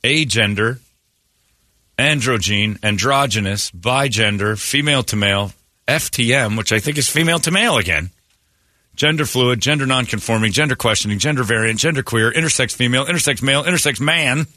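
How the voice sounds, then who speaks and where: A man's voice: medium pitch, a little fast, sharp tone, no echo. A man hosting a morning radio show, joking loosely and rambling through crude stories with frequent laughs.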